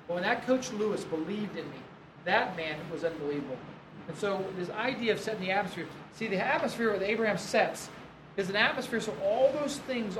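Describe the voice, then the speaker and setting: Man preaching in a roomy hall. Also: sits high. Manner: storytelling, earnest and conversational. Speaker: pastor. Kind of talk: sermon. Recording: roomy, distant mic, noisy room.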